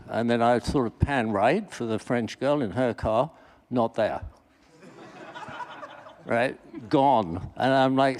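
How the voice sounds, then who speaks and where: A man from England chairing a festival panel, telling a lively anecdote and acting out the voices in it. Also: mid-range voice, a little slow, clear, resonant tone. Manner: lively storyteller, acts out quoted voices. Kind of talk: anecdote to an audience. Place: festival panel before an audience.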